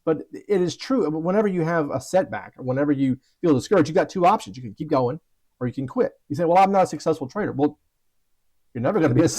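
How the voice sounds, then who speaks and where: An earnest man gives a motivational talk to traders, telling a story along the way. His voice sits a bit higher than most men's. He sometimes stumbles and restarts a phrase before pressing on. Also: darkish tone. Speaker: trading coach.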